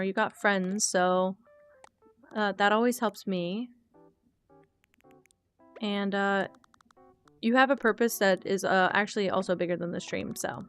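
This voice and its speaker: Faint guitar music accompanies a young woman's gaming live stream, where she speaks in a smooth, medium-pitched voice. She chats candidly and ramblingly, thinking aloud and answering her chat.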